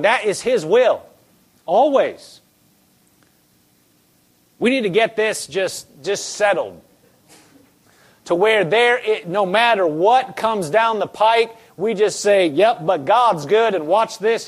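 A male pastor preaching a sermon in an emphatic way, repeating lines and having the congregation say them back. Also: high-pitched.

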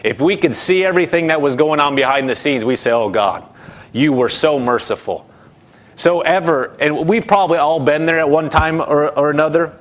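A man preaching a sermon, earnest, repeating words for emphasis and dropping low and soft when he voices doubts.

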